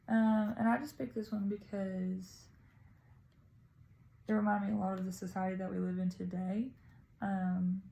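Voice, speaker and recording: A woman's voice: medium pitch, gravelly, dark tone, slight background noise, rough recording. A woman casually talking through her reading of a poem, tentative and thinking aloud as a student presenting. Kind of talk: casual spoken poem analysis.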